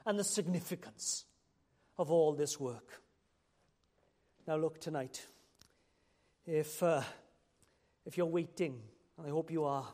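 A man preaching a sermon, swinging from loud exhortation to hushed warning. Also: sits high.

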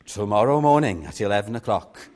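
A man's voice: on the low side, expressive, a little fast, a little mellow, voice pushed down, natural voice. A man voicing a dry, knowing street preacher answering a challenger. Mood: wry. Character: wry male street preacher, calm and dry.

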